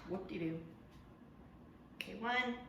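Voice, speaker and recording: A woman's voice: mid-range voice, takes it slowly, roomy sound, noisy background. A teenage girl chatting casually while baking in her home kitchen, rambling and poking fun at herself. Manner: chatty, rambling, self-mocking. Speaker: vlogger. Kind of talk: casual baking vlog narration.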